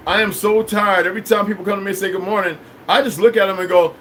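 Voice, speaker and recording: A man with a fairly high-pitched voice pours out a combative, profane monologue. He swings from low mutters to outright shouting and keeps stumbling over repeated words. Faint background noise sits under him. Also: fairly even intonation, quick pace. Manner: many restarts and repeated words. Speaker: vlogger.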